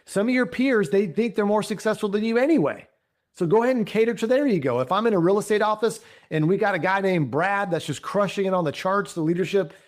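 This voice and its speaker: A man giving an energetic coaching talk at a business training. He acts out sample scripts and keeps checking in with "right?" and "okay?". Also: a little high.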